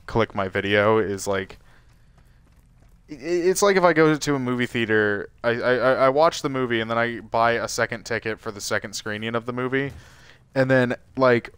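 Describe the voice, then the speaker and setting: A man's voice: medium pitch, a little fast, a bit bright, clean tone, dry recording. A man, a gaming YouTuber, chatting casually while playing, rambling and swearing freely. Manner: rambling, sweary, restarts often. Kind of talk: casual let's-play chat.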